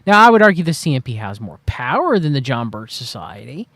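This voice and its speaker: A man's voice: mid-range voice, sing-song, a little fast, fairly bright tone, dry recording. A man hosting a livestream, talking to his chat in a rambling, wry way and drawing out words for emphasis. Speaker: livestream host. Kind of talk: casual commentary to chat.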